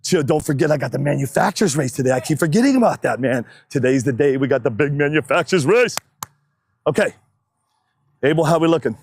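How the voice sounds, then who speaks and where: A man's voice: a little high, expressive, quick pace, slightly rough. Chatty man announcing at a drag track. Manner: joking, chatty, loud calls to the crowd. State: slightly out of breath. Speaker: race announcer. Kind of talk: casual live-stream commentary. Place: outdoor drag racing track. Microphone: wireless mic worn on body.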